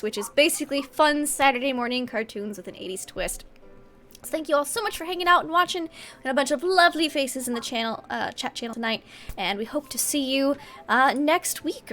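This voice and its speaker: A woman's voice: high-pitched, a bit bright. A woman hosting and running a tabletop game stream, signing off in a bubbly manner with frequent laughs. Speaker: host and game master. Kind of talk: casual stream sign-off.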